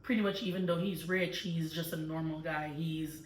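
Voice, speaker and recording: Speaking from far away in an echoey room, a woman with a low, steady voice walks through a book's plot at a moderate pace. As the book club host, she tells it like a casual story, loaded with fillers.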